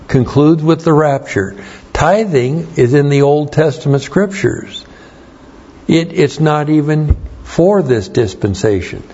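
A man's voice: on the high side, a little mellow, breathy edge, dull audio. A man preaching a sermon in a plain, conversational way, telling stories from his life in between teaching points. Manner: conversational, plain-spoken storytelling. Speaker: pastor. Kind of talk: sermon with anecdotes.

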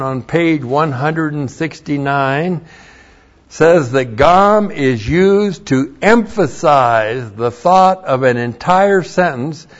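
Slow, methodical male Bible teacher. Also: a little high, highs cut off. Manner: slow and methodical, spelling out words letter by letter. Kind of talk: verse-by-verse lecture.

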